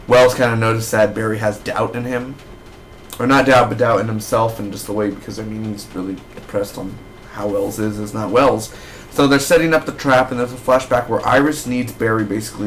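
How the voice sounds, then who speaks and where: A man giving a casual spoken review of a TV episode, rambling and excitable with lots of fillers. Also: fairly low pitch, a little hiss or hum. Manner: rambling, excitable fan talk with many fillers.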